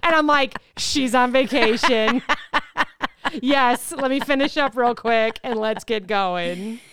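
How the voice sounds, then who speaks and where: A woman's voice: on the high side, steady tone, takes it slowly, fairly bright tone, clear, resonant tone. A woman co-hosting a podcast, upbeat and organized as she lays out plans. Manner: upbeat, organized, plugs upcoming events. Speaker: podcast co-host. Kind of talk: casual chat.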